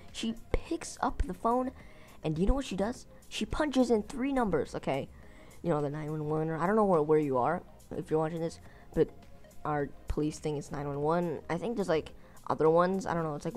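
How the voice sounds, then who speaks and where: A woman with a fairly low-pitched voice tells a story in a casual vlog. She rambles, trips over her words and corrects herself often. Faint music plays behind her. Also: animated, fairly quick, a little mellow. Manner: rambling, lots of fillers and self-corrections. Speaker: gaming channel host.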